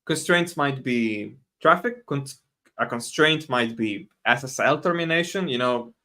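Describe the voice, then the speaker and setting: A man's voice: medium pitch, unhurried, sharp tone. A man hosting a live talk, speaking casually with frequent restarts and asides, answering audience questions and laughing now and then. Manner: casual, self-correcting, laughs often, answers chat questions. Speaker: host. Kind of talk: live stream talk on software testing.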